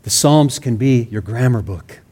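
A man's voice: medium pitch, lively intonation, normal speed, dark tone, breathy edge. A man preaching a sermon in an earnest, conversational way, acting out sample prayers in his own words. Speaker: pastor.

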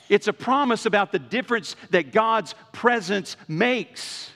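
A man preaching a sermon in a conversational way, swinging from loud emphasis to hushed lows and acting out quoted speech. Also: expressive, unhurried, gravelly, big-room sound. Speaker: pastor.

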